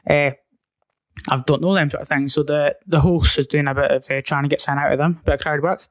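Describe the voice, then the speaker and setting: A young man with a Highland Scottish accent, a comedian guest telling stage stories in casual podcast chat, energetic and animated with swearing and laughs. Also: fast.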